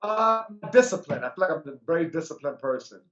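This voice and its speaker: A man's voice: on the high side, lively intonation, fairly quick, fairly bright tone, lo-fi sound. A man who is a comedian guest, telling a story in casual chat and acting out other people's lines.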